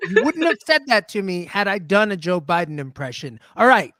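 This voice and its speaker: A man performing a comedy sketch as an indignant, self-important character who speaks in deadpan. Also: high-pitched, normal speed, no room sound.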